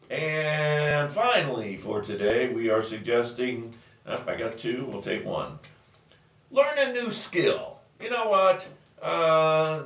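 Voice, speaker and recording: A man's voice: mid-range voice, fairly bright tone. A man hosting a casual chat show, telling a joke and rambling with many restarts and fillers. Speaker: show host. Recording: roomy, distant, muffled sound.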